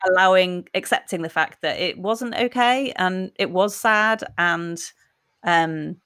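A woman's voice: fairly low pitch, a little slow, a bit bright, clear, resonant tone. A woman in her forties, talking reflectively and candidly in a podcast conversation.

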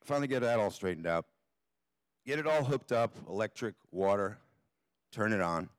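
A man's voice: fairly low pitch, animated, normal speed, clean tone, no echo. Wry, profane man telling a story. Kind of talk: live comic storytelling. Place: theater stage.

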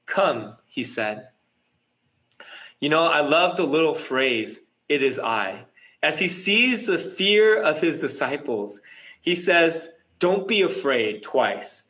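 A man's voice: a little high, animated, slow, pushed and bright. A man preaching an earnest, reflective sermon, often restarting and repeating his words. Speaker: pastor. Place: apartment.

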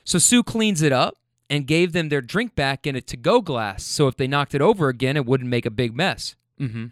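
Animated, profane man telling server stories. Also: medium pitch, normal speed, no echo, studio quality. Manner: animated, blunt and profane, laughing at own stories. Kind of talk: casual storytelling. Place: inside a car on a ride home.

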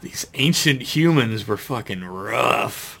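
Profane, animated man joking with a co-host. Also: mid-range voice, vocal fry, slight background noise. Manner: laughing, profane, acts out characters in quick voices. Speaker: podcast co-host. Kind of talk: casual comedic chat recapping an episode.

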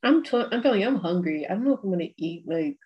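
A woman's voice: lowish voice, animated, fast talker, dull audio. A young woman chatting casually as a podcast co-host, rambling with many fillers and frequent laughs. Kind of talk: casual chat.

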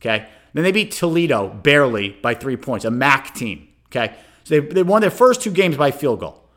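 A middle-aged sports talk host does solo commentary, ranting sarcastically, rising to exasperated outbursts, and addressing listeners directly with frequent "okay?" asides. His mid-range, slightly bright voice swings widely in pitch at a moderate pace.

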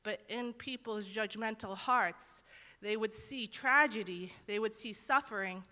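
A woman's voice: mid-range voice, measured pace, sharp tone. A young woman teaching a Bible lesson in a casual, earnest way, acting out the quotes she tells. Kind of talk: conversational sermon. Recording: long hall reverb.

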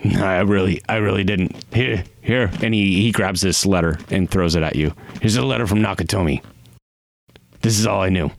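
A man's voice: deep voice, normal speed, creaky, no room sound. A man voicing a grieving, volatile male patron who broods and then bristles defensively. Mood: pleading. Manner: swings from weary brooding to defensive bluster.

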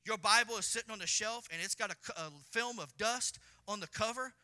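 A man preaching a sermon to a congregation, swelling into loud, fervent delivery and acting out prayers in the first person. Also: high-pitched, brisk. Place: church.

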